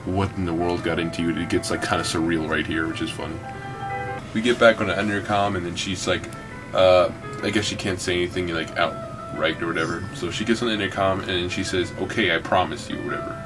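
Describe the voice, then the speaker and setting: A man's voice: sits low, steady tone, a little fast, over music. A man casually chatting while reading manga aloud, breaking into raised voices for the characters. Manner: acts out characters' lines in a raised voice. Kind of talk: casual chat.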